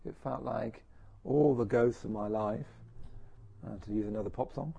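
A middle-aged man gives a reflective talk, his voice deeply gravelly with a husky, breathy edge. He muses in a self-deprecating way and is an average pitch for a man. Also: moderate pace, dark tone. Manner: self-deprecating, chuckling often, musing. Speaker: speaker giving a talk. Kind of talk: reflective personal talk to an audience.

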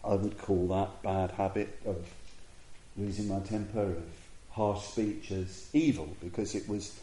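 A man giving a Dharma talk as a Buddhist teacher, telling a story reflectively with pauses and restarts. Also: low voice, steady tone, dark tone, reverberant, slight background noise, low-quality recording.

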